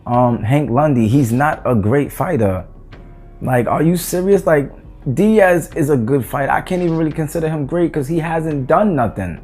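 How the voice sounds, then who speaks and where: Fired-up male vlogger, exasperated and cursing, warm low-toned timbre. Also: normal speed, faint music behind. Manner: heated, profane, exasperated ranting. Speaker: boxing commentator. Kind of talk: ranting opinion vlog.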